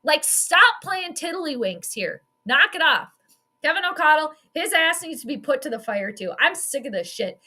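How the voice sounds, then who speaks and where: A woman's voice: high-pitched, big pitch swings, moderate pace, sharp tone. A young woman giving casual live-stream commentary on a game as a frustrated fan, blunt and swearing freely.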